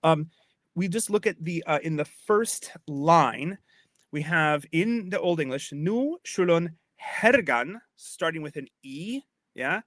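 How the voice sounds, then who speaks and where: Explaining Old English poetry on his podcast, a man speaks at a measured pace in a slightly high, fairly bright voice with lively intonation. The studio-quality recording is dry. His casual lecture is chatty and a bit tipsy from wine, full of repeated and restarted phrases and checks that the listener is following.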